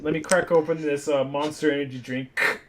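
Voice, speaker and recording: Young male podcast co-host, slightly high voice, jokey and profane, faint hiss behind. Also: steady tone, moderate pace. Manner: joking, swears, mimics people in silly voices. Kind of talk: casual wrestling podcast chat.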